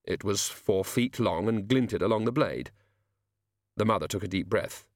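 A man narrating an audiobook with wry, expressive storytelling, recorded on a close studio mic. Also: on the low side, normal speed, dry recording.

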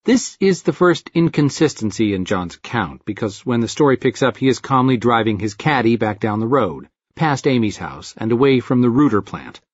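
Husky guy reading an audiobook deadpan, dry dull lo-fi sound. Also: medium pitch, normal speed, few pauses, dry recording. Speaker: audiobook narrator. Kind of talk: first-person audiobook narration. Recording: dull lo-fi recording.

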